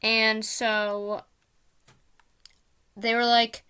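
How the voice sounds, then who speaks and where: A woman's voice: on the high side, little pitch movement, drawn-out words, sharp tone, clear, resonant tone. A woman vlogger telling a casual, rambling story with lots of fillers, often mocking herself.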